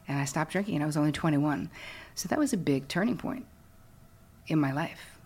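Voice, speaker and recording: A middle-aged woman speaks in a low, husky voice, retelling her past with frank, self-mocking candor. She is a guest in an interview. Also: lively intonation, fairly quick, a little mellow. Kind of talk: candid storytelling.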